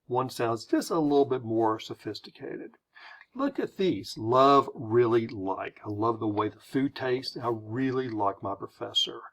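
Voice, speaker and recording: Husky American man teaching a lesson. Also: mid-range voice, animated, measured pace, a bit bright. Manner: conversational, stops to explain and repeats example phrases. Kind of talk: explanatory lesson on word choice.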